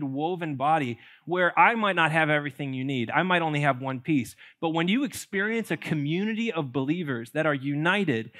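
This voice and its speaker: A man preaching to his congregation in a church, his voice sitting a little higher than most men's. He keeps the sermon conversational and playful, tossing in jokes and asides as he teaches. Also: a bit bright. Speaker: pastor. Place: church sanctuary.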